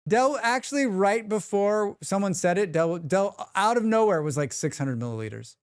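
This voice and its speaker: A man's voice: high-pitched, normal speed, clean tone, no room sound, clean studio sound. A man streaming live, chatting casually and joking with his chat. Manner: rambling, joking, reacts to chat.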